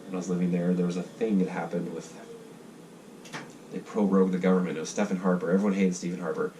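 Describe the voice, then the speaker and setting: Deep-voiced rambling American man. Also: warm tone. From United States. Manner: rambling, swearing, acts out voices of groups. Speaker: vlogger sketching ideas. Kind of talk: casual rambling monologue. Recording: distant mic with faint noise.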